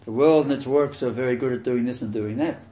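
A man preaching through scripture, reading verses and commenting on them with emphatic, repeated key words and sudden loud stresses. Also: medium pitch, fast talker, roomy sound, dull audio, slight background noise.

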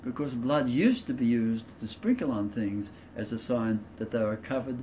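A man preaching a verse-by-verse sermon. He stresses key words loudly, drops into quiet asides, and explains with everyday examples. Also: mid-range voice, lively intonation, normal speed, slight background noise. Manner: emphatic, swings between loud stresses and quiet asides. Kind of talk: expository sermon.

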